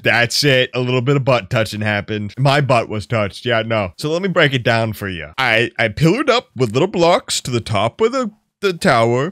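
A young man doing game commentary, swearing all the time and swinging from low mutters to sudden loud yells. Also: no echo, clean studio sound. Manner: profane, jumps from mumbling to yelling. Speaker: gaming YouTuber.

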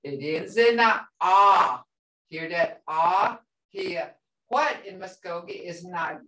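A woman's voice: lowish voice, lively intonation, slow pace, pushed and bright. A woman teaching a language class, patiently repeating words and sounds for her students. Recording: roomy sound from a distance.

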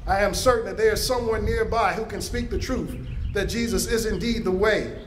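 A man's voice: high voice, brisk, echoey room, a little hiss or hum. A male pastor giving a dramatic first-person biblical narration from a church, preaching emphatically and lifting his voice for quoted speech. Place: church sanctuary.

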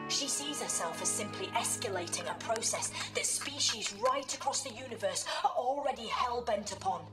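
An earnest time-traveling heroine. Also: female voice, fairly high pitch, distant mic, low-quality recording. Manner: earnest storytelling, then urgent warning. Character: female time-traveling hero, grave, earnest, urgent. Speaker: game character. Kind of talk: game voice acting. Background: game music.

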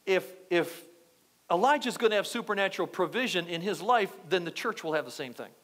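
A male pastor delivering an animated sermon in church, repeating phrases and checking in with the congregation. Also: high voice, fairly quick. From United States. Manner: animated, repetitive preaching with asides to the congregation.

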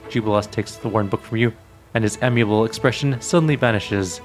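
A man's voice: fairly low pitch, steady tone, fast talker, faint music behind. A man hosting a gaming channel, reading the narration of a role-playing game aloud.

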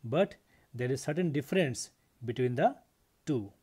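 A man's voice: mid-range voice, animated, normal speed, darkish tone, slightly rough. A man teaching an English grammar lesson to his students, explaining step by step, repeating key points and checking in with a frequent "okay".

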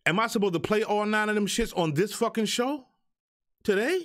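A man's voice: high-pitched, normal speed, a bit bright. A man hosting his own live show, ranting in a profane, exasperated way to the people who send him music. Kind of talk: ranting live stream talk.

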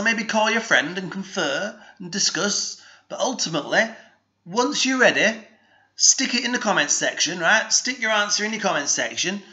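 A man hosting a rambling comedy monologue in a put-on Northern English accent, halting and full of fillers and restarts, with a deadpan, mock-serious delivery. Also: high voice, lo-fi sound. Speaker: comic DJ host.

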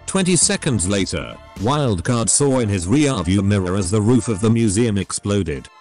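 A low-pitched synthetic male voice reads scripted story narration with a steady, machine-made delivery. Its pitch moves animatedly across sentences while faint music plays underneath. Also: moderate pace, hardly any pauses. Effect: synthetic text-to-speech voice.

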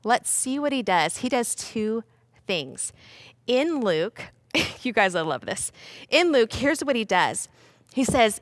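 A young woman teaching a children's Bible lesson, playful and animated, talking straight to the kids. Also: a little high, slow, no room sound, clean studio sound.

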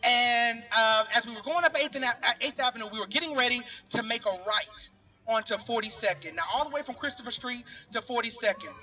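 A man's voice: extremely high pitch, fairly quick, pushed and bright, soft background music. A middle-aged man giving an impassioned speech at an outdoor rally, talking straight to the crowd in a casual, earnest way. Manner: earnest, talks directly to the crowd with "y'all". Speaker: speaker at a rally. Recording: voice picked up from a distance.

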